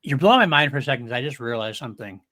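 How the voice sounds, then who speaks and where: Bright-voiced excitable American man. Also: medium pitch, rapid-fire, no echo. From United States. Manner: excitable, laughs often, stumbling restarts. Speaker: podcast host. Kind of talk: casual chat.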